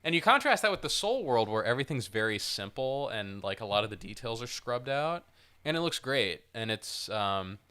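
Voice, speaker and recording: Animated man chatting about movies. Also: medium pitch, normal speed, smooth. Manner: animated, swears, mimics voices for jokes. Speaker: podcast co-host. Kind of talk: casual movie chat.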